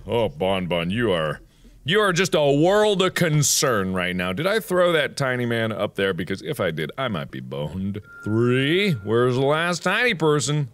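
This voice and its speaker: Animated man doing game commentary. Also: slow pace. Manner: animated and jokey, swinging from squeaky to mumbled. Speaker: gaming video host. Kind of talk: let's play commentary.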